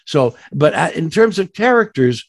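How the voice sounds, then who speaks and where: Give me an animated man spinning rambling anecdotes, dry close sound. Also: fairly high pitch, moderate pace, dry recording. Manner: rambling, many fillers and restarts; animated, laughs at his own stories. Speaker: voice actor guest. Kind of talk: storytelling interview anecdotes.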